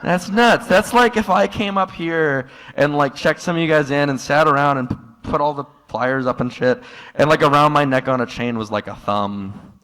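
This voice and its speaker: A man doing a stand-up comedy set in a live room, telling stories in a dry tone that jumps into loud, exasperated outbursts. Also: on the high side, normal speed. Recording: live room with long hall reverb.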